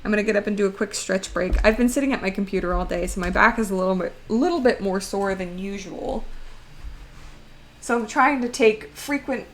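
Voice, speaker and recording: A woman's voice: mid-range voice, a little fast. A young woman streamer chatting casually while she draws, laughing often as she talks.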